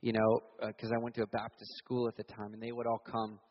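A young man from Virginia preaching a sermon, telling stories animatedly and acting out loud shouted voices. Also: on the low side, completely flat delivery, fast talker. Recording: reverberant hall, dull sound.

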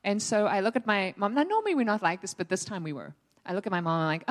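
A woman preaching to a congregation, telling a personal story in an animated way and voicing herself and others in it. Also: medium pitch, quick pace. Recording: reverberant hall.

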